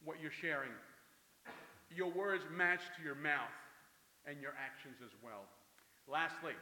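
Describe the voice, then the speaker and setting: Animated preacher man in echoey hall. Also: a little high. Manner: animated, acts out dialogue. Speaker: pastor. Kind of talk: sermon. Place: large hall at a men's camp. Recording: echoey hall, long reverb.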